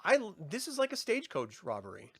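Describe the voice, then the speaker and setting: A young man co-hosting a casual review chat, excited, swearing often and acting out scenes in quoted voices. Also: high-pitched, fairly quick, slightly rough. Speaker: podcast co-host.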